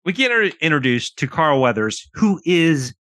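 A man's voice: fairly high pitch, moderate pace, dry recording. A man co-hosting a podcast, chatting casually and emphatically about a film, often repeating words as he gets worked up. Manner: animated, emphatic, repeats words when excited. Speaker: podcast co-host. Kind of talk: casual film-review chat.

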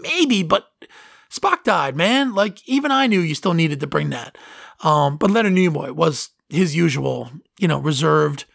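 A man's voice: fairly high pitch, lively intonation, a little slow, vocal fry, a bit bright, dry recording, studio quality. A man hosting a solo podcast in casual talk, earnest and sentimental, rambling and often interrupting himself. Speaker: podcast host.

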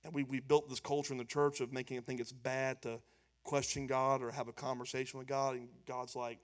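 A man with a mid-range voice and a somewhat fast delivery preaches a sermon as pastor. He alternates between emphatic, loud animation and a quieter, chatty tone.

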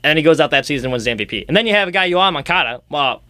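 A man's voice: on the high side, animated, very fast, pushed and bright, no room sound. A young man hosting a casual sports talk show, rambling and ranting with sarcastic jabs. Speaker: sports podcast host.

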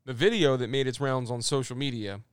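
A man's voice: mid-range voice, a little fast, clean tone, no echo, studio quality. A man co-hosting a casual podcast chat, swearing freely and trading sarcastic banter with his friends. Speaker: podcast co-host.

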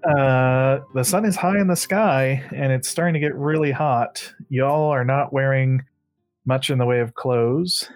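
A man narrating a tabletop role-playing game as its game master, painting the scene in sweeping descriptive lines. His speech carries a lilt at a middle pitch, with faint music playing beneath him. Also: unhurried, no echo.

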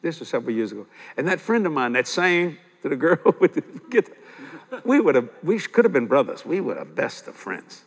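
An older man preaching a sermon, telling stories in a lively way with frequent chuckles and repeating his key points. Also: on the high side, fairly quick. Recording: long hall reverb.

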